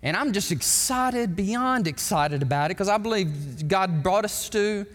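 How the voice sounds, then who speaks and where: A male pastor, preaching an emphatic, animated sermon in a church sanctuary. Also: high voice, measured pace. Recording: long hall reverb.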